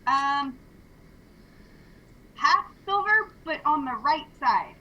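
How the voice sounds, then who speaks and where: A woman playing in a tabletop game, chatty and quick to react with exclamations. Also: high-pitched, sing-song, pushed and bright, highs cut off. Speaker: player.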